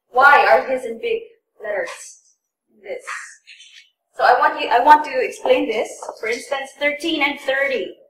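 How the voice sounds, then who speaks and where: A woman's voice: high voice, fairly bright tone, slight background noise. A woman tutor giving a classroom lesson, patiently repeating and stressing words for learners. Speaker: English test tutor. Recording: echoey room, voice from a distance.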